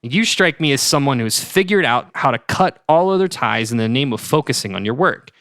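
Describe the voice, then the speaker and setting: A man impersonating an awkward, deadpan male interviewer who stammers politely. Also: medium pitch, brisk, no room sound, clean studio sound. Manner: hesitant, deadpan.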